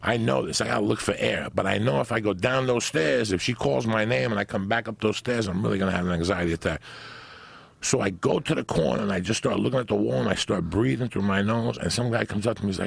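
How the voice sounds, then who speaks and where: A middle-aged comedian telling an animated, profane story and acting out the people in it. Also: male voice, fairly low pitch, quick pace, vocal fry, slightly rough, no room sound. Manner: profane, excitable, acts out voices. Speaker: comedian guest.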